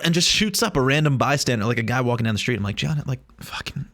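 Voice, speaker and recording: A man's voice: medium pitch, lively intonation, rapid-fire, a bit bright. A man vlogging in a casual, rambling way, joking and swearing as he talks to the camera. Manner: rambling, joking, profane, many restarts.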